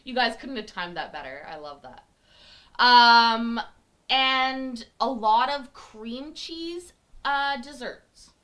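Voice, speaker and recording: A woman's voice: on the high side, lively intonation, takes it slowly, bright, forceful tone. A woman from Canada chatting casually and joking with her live-stream viewers. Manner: chatty, joking, laughs often.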